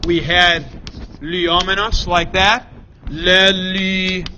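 A man's voice: high-pitched, little pitch movement, slow pace, bright, forceful tone, slight background noise, rough recording. A man teaching a classroom lecture, explaining patiently, reciting forms and correcting himself aloud. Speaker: Greek teacher.

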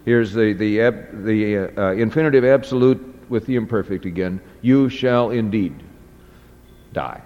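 Slow, deliberate male lecturer in a reverberant hall. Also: fairly low pitch, a little mellow. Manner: slow and deliberate, many fillers and restarts. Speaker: teacher. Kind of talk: lecture reading and explaining a text. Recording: dull audio with long hall reverb.

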